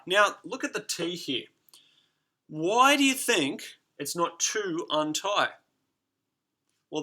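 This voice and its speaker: A man with a bright, slightly high voice gives a recorded lesson to his students. He talks in a lively, encouraging way and chants rhythms aloud to make a point stick. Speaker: teacher.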